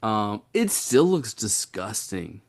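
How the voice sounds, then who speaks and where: A man's voice: lowish voice, very animated, slow, vocal fry. A man co-hosting a podcast, talking in a joking, playful and emphatic way. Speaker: podcast co-host. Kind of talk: casual podcast chat.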